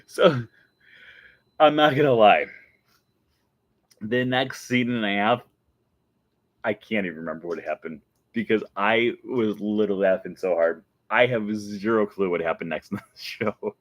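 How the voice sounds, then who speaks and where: A man with a lowish voice chats excitedly in a casual vlog and keeps breaking into giggles. The sound is close and dry, with no room around him. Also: a little slow, pauses often, dry recording. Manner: excited, animated storytelling. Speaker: show host.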